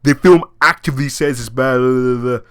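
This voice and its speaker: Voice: mid-range voice, a little fast, a bit bright. A vlogger giving a casual spoken rant about a film they just watched, exasperated, swearing often and laughing in disbelief. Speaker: movie reaction vlogger.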